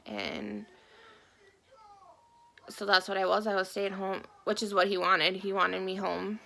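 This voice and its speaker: A young woman talks quietly and haltingly, stopping often and fighting back tears. Her voice is mid-pitched and slips into a gravelly fry. She speaks to the camera about her own life. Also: flat delivery, a little hiss or hum. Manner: soft, halting, emotional, with many pauses and fillers. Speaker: woman sharing her story. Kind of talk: personal testimony to camera.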